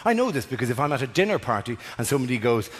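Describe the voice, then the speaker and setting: Man, Irish accent, stand-up comedian, animated delivery, long reverberant hall. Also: mid-range voice, racing. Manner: animated, swings into loud shouted bits and quieter asides. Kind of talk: stand-up routine. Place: theatre stage. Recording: live stage recording in a reverberant hall with audience.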